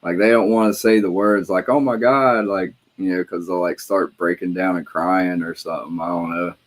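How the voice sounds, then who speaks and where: A man's voice: sits low, little pitch movement, normal speed. A man in casual conversation, telling rambling, profane stories in a laid-back way. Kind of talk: casual chat.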